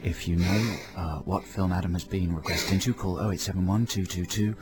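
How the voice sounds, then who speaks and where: A man hosting a comedy radio show, playing a hypnotist with slow, soothing instructions. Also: low-pitched, fairly even intonation. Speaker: radio host. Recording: radio broadcast with music underneath.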